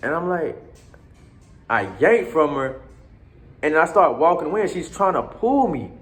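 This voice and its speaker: A man's voice: fairly high pitch, big pitch swings, moderate pace, a bit bright. A man casually telling a long story, in loose slangy talk full of cursing, restarts and asides to his listener. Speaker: storyteller recounting his time abroad.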